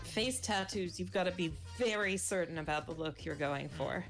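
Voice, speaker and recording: A woman chatting casually on a stream, wry and quick to laugh. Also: lowish voice. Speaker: streamer co-host. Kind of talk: casual chat. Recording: music playing behind.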